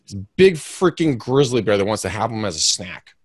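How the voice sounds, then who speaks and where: A man being interviewed about his career, telling stories in an energetic, rambling, emphatic way with self-mocking asides. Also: on the low side, fairly quick, no echo, studio quality. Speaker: realtor and podcast co-host, interview guest. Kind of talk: candid interview storytelling.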